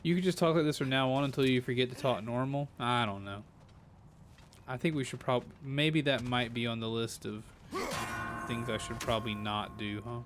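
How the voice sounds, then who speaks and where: A man's voice: medium pitch, normal speed, a little hiss or hum. A man giving casual live-stream commentary while playing a game, playful and rambling, full of jokes. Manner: playful, joking, rambling asides.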